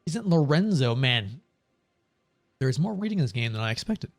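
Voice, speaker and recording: A man's voice: mid-range voice, sing-song, moderate pace, pauses often, soft background music. A man hosting a let's play, casually commenting and reading game text aloud, swearing at times.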